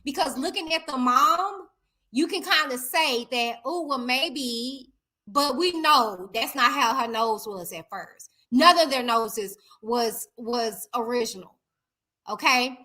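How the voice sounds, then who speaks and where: Chatty high-voiced woman hosting a live stream. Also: unhurried. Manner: chatty, animated, addresses viewers directly as y'all. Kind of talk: casual live stream chat reacting to viewers.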